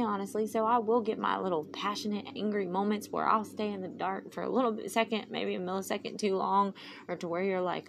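A woman with a mid-range voice and vocal fry hosts her podcast, giving a casual personal monologue. She rambles in a heartfelt way with a valley-girl lilt, and the recording is noisy.

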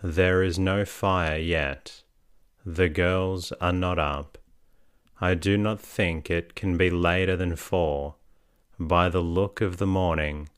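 A man reading the lines of a gentle, patient young woman in a storybook, speaking soothingly and tenderly. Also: deep voice, steady tone, slow pace, smooth, dry recording, clean studio sound.

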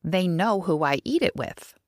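A woman's voice: lowish voice, lively intonation, no room sound, clean studio sound, lightly acted. A woman voicing a nervous, chatty female lab worker who gossips and snaps, in a storybook reading. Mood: indignant. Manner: jittery, gossipy, quick to snap.

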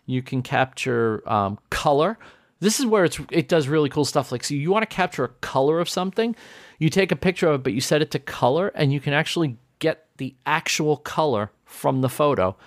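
A man hosting a podcast in casual chat, animated and rambling with restarts. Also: on the high side, fairly quick, no echo, studio quality. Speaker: podcast host.

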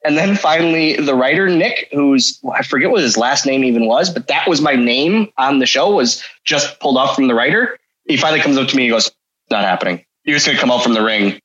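A man's voice: medium pitch, lively intonation, brisk, fairly bright tone, lo-fi sound. A man chatting as a guest, telling a story with self-deprecating humor. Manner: self-deprecating, laughing at himself. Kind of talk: casual storytelling.

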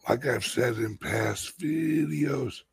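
A man hosting a crypto channel in an impassioned vlog rant. He talks urgently, drops to hushed whispers, rises to shouts, and swears freely for emphasis. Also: mid-range voice, slow pace, gravelly, husky.

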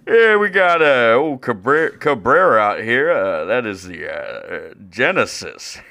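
A man's voice: medium pitch, big pitch swings, a little slow, vocal fry, bright, forceful tone, full character voice. A man doing a rambling old drunk ballgame announcer.

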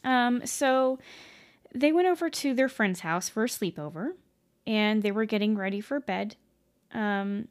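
A woman's voice: mid-range voice, clear, resonant tone. A woman casually telling a ghost story at home, rambling with many fillers, self-corrections and casual swearing. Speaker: podcast host.

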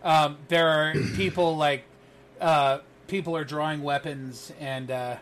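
Relaxed man running a tabletop game. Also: a little high, slow pace, slight background noise. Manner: relaxed, filler-heavy narration. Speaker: game master.

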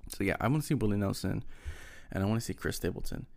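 A man's voice: lowish voice, quick pace, creaky, darkish tone. A young man chatting casually on his own, rambling, often losing names mid-thought and filling gaps with ums and likes. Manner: rambling, loses names, many fillers. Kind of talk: casual solo chat.

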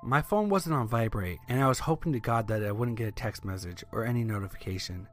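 A man narrating true scary stories in a steady, scripted storytelling read. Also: lowish voice, quick pace, hardly any pauses. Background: soft background music.

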